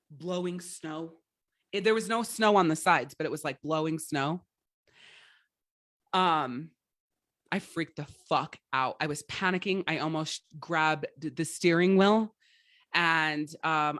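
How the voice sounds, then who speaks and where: Woman life coach giving a blunt, rough-talking pep talk in a dry, dead room. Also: low voice, a bit bright, no echo. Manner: blunt, profane and emphatic; rambling, with frequent restarts. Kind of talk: motivational livestream talk.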